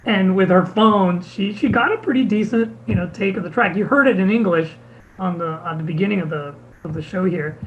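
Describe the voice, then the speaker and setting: A man's voice: high voice, fairly quick, highs cut off, a little hiss or hum. A man, a bandleader, casually telling a story to an audience, acting out the voices of the people he quotes, with many restarts.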